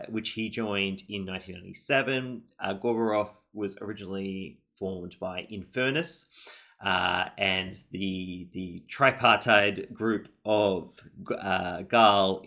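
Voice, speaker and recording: A man with a very low voice chats casually as a podcast host. His tone is gravelly yet bright. He rambles along, full of fillers and restarts. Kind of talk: casual chat.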